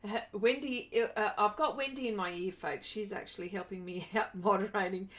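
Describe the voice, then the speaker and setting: A woman's voice: medium pitch, moderate pace, a bit bright. An Australian woman hosting an art live stream, chatting casually and greeting viewers by name as she works. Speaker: art livestream host. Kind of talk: casual live stream chat while drawing.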